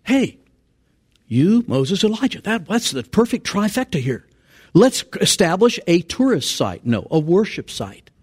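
A man voicing an eager male disciple who excitedly pitches a plan, rushing and persuading. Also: husky, full character voice.

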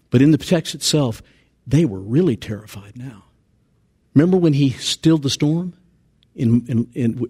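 A man delivering a sermon in a high voice that swings widely in pitch. He preaches in an animated, conversational way, dropping low for emphasis and then rising again.

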